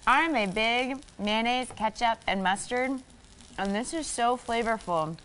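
A woman's voice: fairly high pitch, measured pace, a bit bright. A woman hosting a live shopping channel, talking in a bubbly, upbeat selling patter. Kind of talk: live home shopping presentation.

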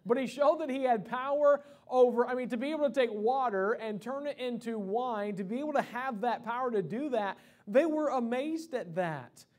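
High-voiced preacher giving a sermon. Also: male voice, moderate pace, hardly any pauses, darkish tone. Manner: conversational preaching with many fillers and restarts. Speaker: pastor. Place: church sanctuary.

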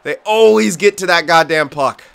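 A man's voice: on the high side, moderate pace, vocal fry, fairly bright tone, smooth. A young man giving live gameplay commentary, ranting and swearing in frustration at a hockey video game. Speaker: gamer.

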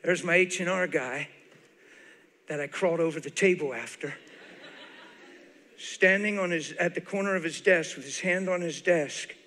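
A high-voiced man with a bright, forceful tone, preaching in a big church hall where his voice rings out with long reverb. He tells his story animatedly, and his voice often breaks into laughter and tears. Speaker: guest preacher. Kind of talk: sermon storytelling. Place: large church auditorium.

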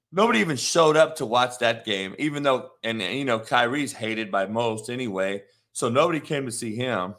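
A man hosting a sports talk show, ranting in a heated, profane way that swings from muttering to shouting. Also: mid-range voice.

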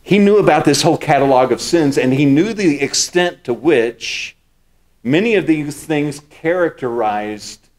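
A man's voice: fairly high pitch, expressive, unhurried. A man preaching a sermon as pastor. He explains scripture step by step and repeats key words for emphasis.

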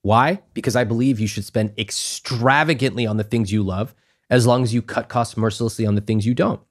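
A man in a podcast interview, talking emphatically and acting out little exchanges, his voice climbing high when he stresses a point. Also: fairly quick. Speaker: guest, personal finance author.

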